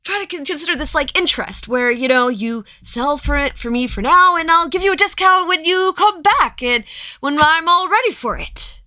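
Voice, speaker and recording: A woman voicing a pushy, finely dressed gentleman who keeps haggling and wheedling with hesitant fillers. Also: high voice, lively intonation, moderate pace, no room sound, voice pushed up.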